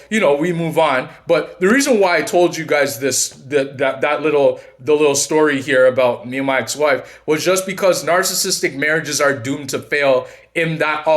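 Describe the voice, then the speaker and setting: An earnest man with a somewhat high voice, speaking straight to his viewers as their host. He talks in a halting, searching way and goes back over his words again and again. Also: fairly bright tone. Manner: earnest, halting, repeats himself when frustrated. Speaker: channel host and relationship coach. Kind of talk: personal storytelling to camera.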